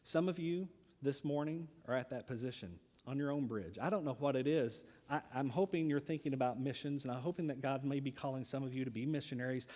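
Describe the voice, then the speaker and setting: A man preaching a sermon in a church, telling a personal story in a lively way with pauses. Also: mid-range voice, long reverb tail. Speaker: pastor.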